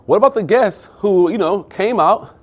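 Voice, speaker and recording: A fairly high-voiced man leads a motivational sales training session. He talks with lively energy and keeps checking in with his listeners as he walks them through the steps. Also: moderate pace, a little hiss or hum. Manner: energetic, drops in "right?", "man" and "guys" to address the audience.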